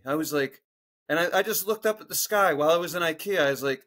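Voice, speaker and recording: A man's voice: a little high, fast, a bit bright. A middle-aged man from Philadelphia, co-hosting a podcast and telling a profane, ranting story in casual chat. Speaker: podcast co-host.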